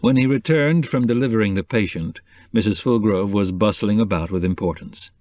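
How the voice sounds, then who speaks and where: A man narrating a novel in a measured, even way. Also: lowish voice, no echo. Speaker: audiobook narrator. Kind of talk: scripted narration.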